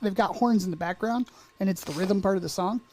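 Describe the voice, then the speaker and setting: A man's voice: high-pitched, darkish tone, a little hiss or hum. A man co-hosting a podcast in casual, rambling chat, joking and breaking into silly voices. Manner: rambling, jokey, quick to put on silly voices. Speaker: podcast co-host.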